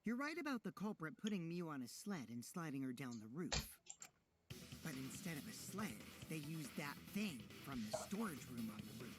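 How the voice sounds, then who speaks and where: A sly, teasing game character, as a man voices it, the pitch leaping all over in a singsong way. Game music sits underneath. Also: sing-song, moderate pace.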